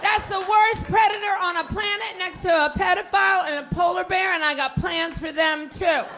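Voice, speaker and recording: A brash woman performing stand-up, shouting some of her punchlines. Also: extremely high pitch, fairly even intonation, normal speed. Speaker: stand-up comedian. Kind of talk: stand-up set. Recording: live club with loud crowd and noise.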